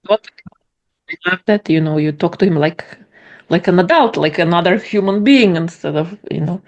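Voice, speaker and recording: A woman hosts an interview in a somewhat low voice. She asks questions and answers with affirming reactions. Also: normal speed, highs cut off. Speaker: podcast host.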